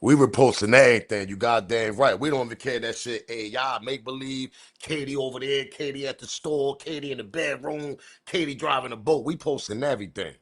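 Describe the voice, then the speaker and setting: A man hosting a commentary video, ranting about the news with profanity and loud emphatic bursts. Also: medium pitch, brisk, hardly any pauses. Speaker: commentary channel host.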